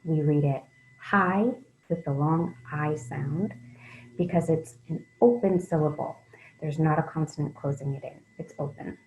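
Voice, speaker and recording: Low-voiced teacher, mellow and patient. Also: female voice, a little slow, muffled recording, slight background noise. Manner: patient, encouraging, many "um" fillers. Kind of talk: reading lesson for children.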